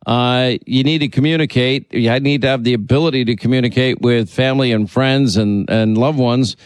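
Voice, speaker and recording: A man's voice: mid-range voice, steady tone, moderate pace, no echo. A man hosting a talk radio show, bantering and teasing his co-host. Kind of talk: casual on-air banter.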